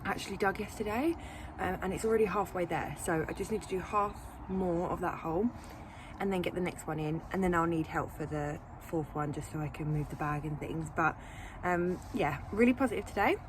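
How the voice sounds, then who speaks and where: A young woman talks casually to her camera from an outdoor allotment, filling her chat with ums and little jokes at her own expense. Her voice sits a little low. Outdoor noise and passing vehicles are clearly heard behind her. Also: a little fast. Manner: chatty, self-deprecating, many ums. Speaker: allotment vlogger.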